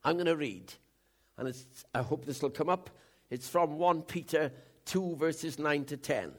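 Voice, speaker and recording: An older man preaching a conversational sermon, telling stories with frequent throat-clearing and chuckles. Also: a little high, measured pace.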